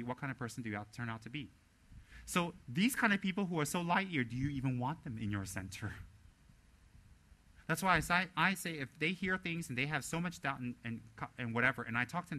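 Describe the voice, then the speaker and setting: A Buddhist teacher delivers a dharma talk in an animated, blunt manner, often slipping into imitations of other people. His voice is on the high side and fast.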